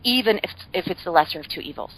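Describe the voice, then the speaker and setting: Bright-voiced woman explaining in chatty style. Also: lowish voice, animated, fast, slight background noise, rough recording. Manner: chatty and explanatory, with frequent fillers and playful humor. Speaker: guest. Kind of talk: casual podcast conversation.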